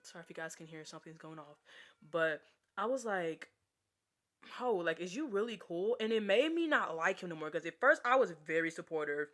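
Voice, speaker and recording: A woman's voice: on the low side, expressive, a little fast, fairly bright tone. A young woman telling a casual storytime vlog, chatty and exasperated, with lots of filler words. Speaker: vlogger.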